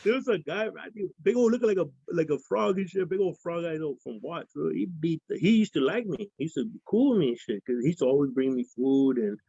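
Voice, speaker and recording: A man's voice: fairly high pitch, lively intonation, quick pace, gravelly, few pauses, warm tone, breathy edge, no echo. A man from Fresno tells rambling, profane stories as an interview guest, jumping into other people's voices as he goes. The sound is dry and dull, like a lo-fi recording. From Fresno, California. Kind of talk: casual storytelling interview.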